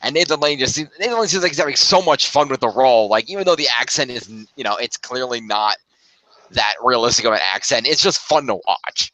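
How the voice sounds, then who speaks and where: A man's voice: mid-range voice, lively intonation, fairly quick, bright, forceful tone, dry recording, poor audio. A man chatting casually as a film reviewer, rambling and correcting himself as he goes. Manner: rambling, self-correcting, upbeat.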